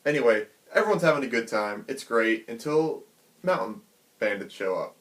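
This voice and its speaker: A man casually retelling a comic chapter in an animated, chatty way, acting out the characters' quotes. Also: medium pitch, normal speed. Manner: animated, chatty, many fillers. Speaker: manga reviewer.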